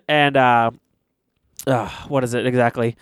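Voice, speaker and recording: A man's voice: mid-range voice, unhurried, smooth, no echo. A young man chatting casually, retelling a movie with lots of swearing and acted-out quotes. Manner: animated, swears often, acts out quotes.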